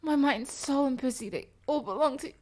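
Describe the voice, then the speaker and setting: A woman playing a breathy, flustered young streamer. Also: high voice, a little mellow, lightly acted. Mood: breathless.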